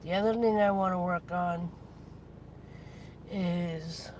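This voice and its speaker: Woman, tired, rambling casual vlog, very slow pace. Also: fairly low pitch, steady tone, a little mellow, a little hiss or hum, rough recording. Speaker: vlogger. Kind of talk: casual weekly update vlog.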